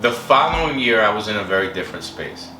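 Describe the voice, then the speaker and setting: A man candidly telling his personal story in an interview, halting and full of fillers. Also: on the low side, big pitch swings. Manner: candid, halting, with many fillers and acted quotes. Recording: roomy distant mic with music behind.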